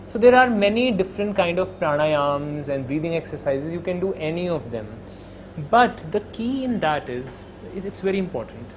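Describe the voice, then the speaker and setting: A man's voice: high voice, noisy background. Conversational Indian man giving student advice. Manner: conversational, with many "you know" fillers and Hindi phrases mixed in; slows down to demonstrate calm breathing. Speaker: psychologist giving a talk.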